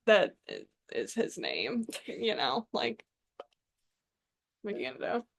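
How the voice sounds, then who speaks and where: A woman's voice: mid-range voice, wildly swooping pitch, takes it slowly, gravelly. A young woman co-hosting a casual podcast chat, laughing often and trailing off into mumbles. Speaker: podcast co-host.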